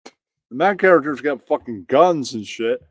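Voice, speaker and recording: A man's voice: mid-range voice, expressive, a little slow, no room sound. Profane mocking male streamer. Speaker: stream host reacting to clips. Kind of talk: crude comedic rant.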